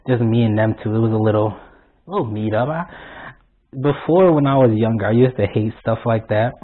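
A young man telling a work story on his channel, blunt and animated, swearing constantly. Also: lowish voice. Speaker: vlogger. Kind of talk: profane storytime rant. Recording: tinny lo-fi phone-like sound.

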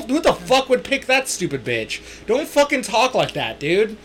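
A man's voice: high voice, huge pitch swings, moderate pace, a bit bright. A man hosting a podcast in casual chat, joking crudely and swearing a lot. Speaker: podcast host.

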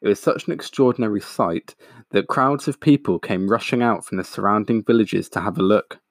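Gravelly man reading a storybook aloud. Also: on the low side, fairly quick, no room sound, studio quality. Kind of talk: reading a picture book aloud.

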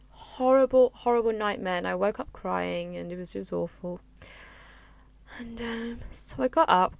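Reflective woman podcast host, soft-spoken, husky-edged low voice with fry, dry close-mic sound. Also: no room sound. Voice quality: a little raspy; low and resonant. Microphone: close-up studio mic with pop filter.

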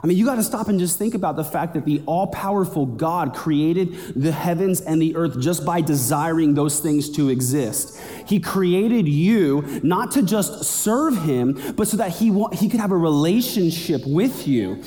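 A man gives a sermon in a relaxed, conversational preaching voice that builds with energy. His voice is mellow and sits a little high. The sound carries a long reverb from a big hall. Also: moderate pace. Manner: conversational preaching, builds in pitch toward the end. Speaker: pastor.

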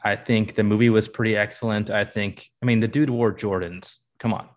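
A man co-hosting a podcast in a relaxed, enthusiastic chatty way. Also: on the low side, brisk. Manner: enthusiastic, laid-back, many fillers. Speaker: podcast co-host. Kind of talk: casual chat.

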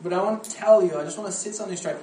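Animated man preaching in an echoey hall. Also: sits high, very fast, slight background noise. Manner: animated storytelling with frequent restarts. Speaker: youth pastor preaching at a camp. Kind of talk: sermon. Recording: echoey hall with faint ambience.

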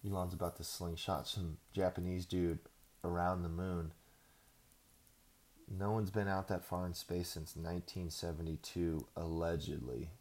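A man's voice: low voice, little pitch movement, measured pace, a little mellow. A man hosting a podcast, ranting casually in a profane, sarcastic, rambling way. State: out of breath. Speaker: podcast host.

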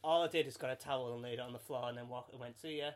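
A man's voice: mid-range voice, steady tone, very fast. A man chatting casually with his siblings, telling rambling stories and joking. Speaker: co-host, brother. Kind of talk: casual family chat.

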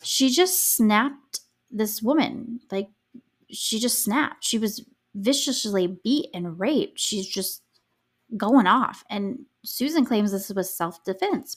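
A young adult woman hosting a true crime podcast, telling the case in a casual, sarcastic way, full of "like" and swearing freely. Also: medium pitch. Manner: chatty, sarcastic, frequent "like" filler, swears freely. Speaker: podcast host.

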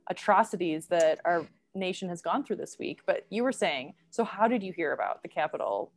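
A woman's voice: lowish voice, animated, brisk. Chatty woman co-hosting a podcast. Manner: chatty, laughs often, fillers. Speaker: podcast co-host. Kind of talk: casual chat.

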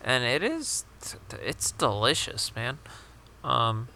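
A man's voice: mid-range voice, sing-song, slow pace, bright, forceful tone, a little hiss or hum. A young man co-hosting a casual podcast chat, rambling with lots of fillers and casual swearing. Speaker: podcast co-host.

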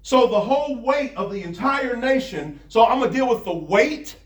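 A high-pitched man preaching in a lively, talk-to-the-people style. He reads scripture at a quick clip and keeps breaking off into asides, his voice ringing in an echoey church. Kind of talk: sermon. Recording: echoey room.

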